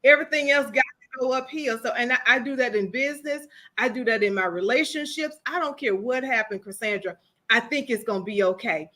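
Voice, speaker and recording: This is a woman life coach talking as a guest in a conversational interview. Her voice is high-pitched and bright, and she is an animated storyteller who keeps circling back to key phrases.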